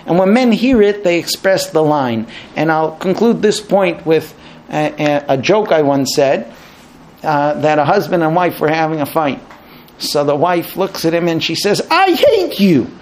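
A man giving a lecture, animated, acting out quoted exchanges in raised voices. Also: on the high side, normal speed. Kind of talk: spoken lecture to an audience.

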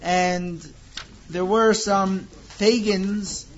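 Male storyteller, higher voice, acts out the lines, slightly muffled recording. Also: very slow, a little hiss or hum. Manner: animated, acts out the characters' lines. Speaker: storyteller and teacher. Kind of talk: informal storytelling lesson.

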